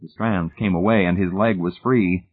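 Male audiobook narrator, low and husky, measured and suspenseful, phone-like lo-fi sound. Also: steady tone. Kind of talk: scripted narration.

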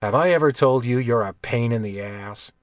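A man voicing a young thief in his own voice, low, calm and dry-humored, in an audiobook. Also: moderate pace, no room sound, close to an everyday voice. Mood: wry. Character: young male thief, wry and quietly confident.

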